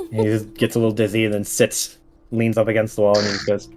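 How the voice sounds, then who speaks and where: A man's voice: lowish voice, completely flat delivery, quick pace, darkish tone, soft background music. A man running a tabletop game as game master, narrating in a casual, chuckling way full of fillers.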